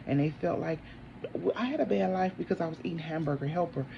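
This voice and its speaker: Gravelly-voiced testifying single mom. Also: female voice, lowish voice, expressive, fast, dull audio, noisy background. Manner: preachy, declaring faith, talks to viewers as honey. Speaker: vlogger, single mother. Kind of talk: casual testimony vlog. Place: home, indoors.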